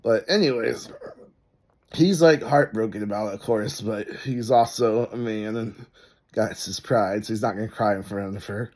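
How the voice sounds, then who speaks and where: A man's voice: on the low side, normal speed, a little mellow. A man telling a story in casual commentary, rambling, with lots of "like" and "uh". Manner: rambling, full of "like" and "uh".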